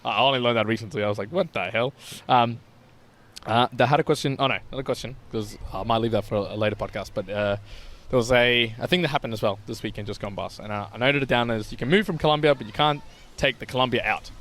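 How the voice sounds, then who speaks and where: A man's voice: mid-range voice, a bit bright. A man co-hosting a podcast, telling stories and joking with his friend in casual chat. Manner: chatty storyteller, quick to tease back. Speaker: podcast co-host.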